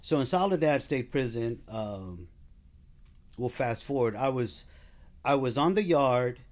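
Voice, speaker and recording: A man's voice: medium pitch, lively intonation, a little slow. A man as a podcast guest, telling a personal story in casual conversation, acting out what people said and laughing along the way.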